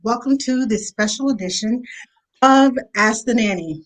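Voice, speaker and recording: A woman hosting an online video call show, chatty and quick to laugh. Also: high voice, poor audio. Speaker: host. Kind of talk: casual online chat.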